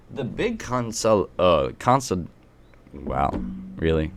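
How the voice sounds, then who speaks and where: A deep-voiced American political commentator rants sarcastically and emphatically, hammering at his points with repeated rhetorical questions. He is very animated, draws out his words, and pauses often.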